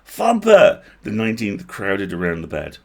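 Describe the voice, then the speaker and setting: A man reading a novel aloud on a livestream, expressive, breaking off to comment on lines he likes. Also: low-pitched, moderate pace, vocal fry, husky. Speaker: host reading a book aloud.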